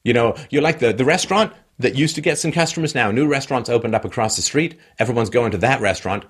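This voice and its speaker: A man's voice: mid-range voice, lively intonation, fast, husky. A man giving a solo political commentary in a sarcastic, mocking way, with frequent laughs.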